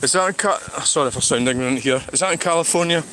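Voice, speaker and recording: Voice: mid-range voice, racing, noisy background. A speaker with a Scottish accent, rambling and sighing through a walking livestream outdoors beside a road. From Scotland. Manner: rambling, sighing, restarts thoughts. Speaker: vlogger.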